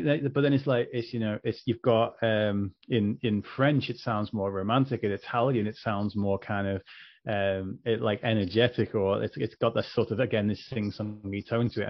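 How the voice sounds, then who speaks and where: A man's voice: lowish voice, no room sound. A man from Liverpool with a Scouse accent, chatting casually on a podcast, laughing often and wandering into asides. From Liverpool, England. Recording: slightly dull podcast audio.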